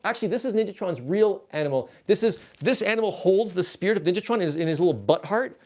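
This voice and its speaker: A man's voice: high-pitched, quick pace, hardly any pauses. A man from Canada hosting a casual livestream, reading viewer chat aloud and rambling playfully as he packs up his collection. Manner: rambling, playful, easily excited. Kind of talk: casual livestream chat while packing toys.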